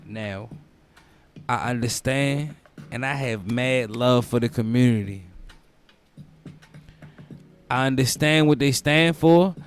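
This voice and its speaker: A young man hosting a comedic podcast, ranting in a loose, profane way and bursting into loud mocking quotes. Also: mid-range voice, slow, pauses often, clear, resonant tone, soft background music. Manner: profane, animated storytelling with loud mock quotes. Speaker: podcast host. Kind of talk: casual comedic podcast rant.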